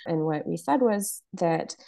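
Podcast guest: woman, 30s, earnest storyteller, low dark voice with a gravelly edge. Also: lively intonation, unhurried. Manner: earnest, explains with stories and frequent laughs. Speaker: podcast guest, palliative nurse practitioner. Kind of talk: candid conversational interview.

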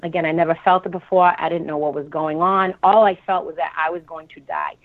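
A woman with a Boston accent calling in, retelling a frightening experience in an animated, dramatic way. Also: fairly low pitch, brisk. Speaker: caller. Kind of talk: call-in storytelling. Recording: tinny phone line.

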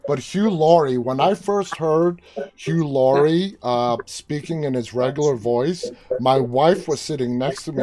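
A man's voice: on the high side, measured pace, a crowd in the background. A man hosting an interview, asking eager, curious questions with frequent restarts. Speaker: interview host. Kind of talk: casual interview chat.

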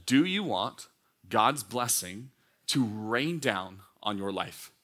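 A man in his thirties preaches a sermon to a church audience, his bright, forward voice moving between casual asides and earnest emphasis. He talks in a loose, conversational way, with plenty of fillers and restarts. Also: mid-range voice. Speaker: pastor. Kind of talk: sermon to young adults. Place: church service.

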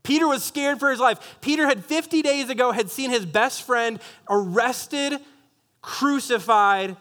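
A high-pitched man preaches a sermon in a loose, playful way. He cracks jokes at his own expense, trips over his words and circles back, keeping things casual and lively for the congregation. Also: a little slow. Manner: jokey, animated, often restarts and laughs at his own asides. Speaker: pastor.

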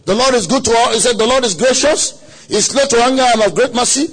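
A man preaching a sermon at a conference, telling a story dramatically with quoted voices and sudden shouts. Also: extremely high pitch, animated, fast, creaky, slightly rough. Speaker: pastor. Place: conference hall.

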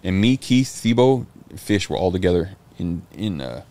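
A man's voice: sits low, normal speed. A middle-aged man, a podcast guest, telling stories in casual talk, swearing freely and acting out what people said. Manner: animated, swearing, acts out quotes. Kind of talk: casual storytelling interview.

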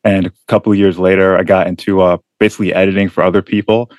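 A young man hosting a podcast interview, casual and joking with deadpan asides. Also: low-pitched, quick pace, no room sound. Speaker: podcast host.

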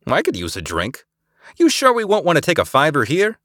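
A man voicing an excitable young woman weapons officer who yelps her lines, for an audiobook. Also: brisk, no echo, studio quality, heavily acted. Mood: queasy. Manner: yelping, shrill. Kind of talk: scripted audiobook acting.

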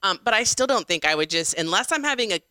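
Woman cohost, bouncy voice, smooth and clear, pokes fun at her partner. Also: mid-range voice, expressive, bright, forceful tone, dry recording. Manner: teasing, quick to interject. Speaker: podcast co-host. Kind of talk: casual chat.

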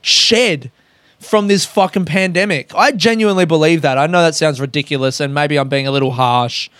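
A young man delivers a casual podcast rant, blunt and heavy on swearing while admitting he might be too harsh. His voice sits a little higher than most men's. The sound is close and dry, with no room echo. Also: normal speed, fairly bright tone. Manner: profane, blunt, self-aware. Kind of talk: casual ranting monologue.

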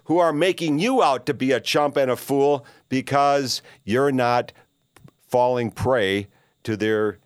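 A man's voice: mid-range voice, dry recording, studio quality. An older man hosting a podcast, delivering a rambling, opinionated monologue full of "uh" fillers and emphatic rhetorical questions. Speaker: podcast host.

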